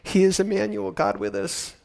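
A man preaching a sermon to his congregation in a church, emotional, swinging from loud excitement to quiet, intimate prayerfulness. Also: high-pitched, normal speed, creaky. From United States. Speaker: pastor. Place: church sanctuary.

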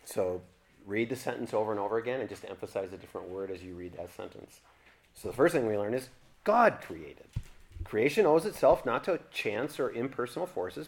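A man teaching a church theology seminar, talking conversationally and asking the class questions. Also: medium pitch.

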